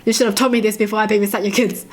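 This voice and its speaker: A woman hosting a reaction video, reading short stories aloud and commenting on them in an expressive, chatty way. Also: mid-range voice, quick pace. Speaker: reaction channel host.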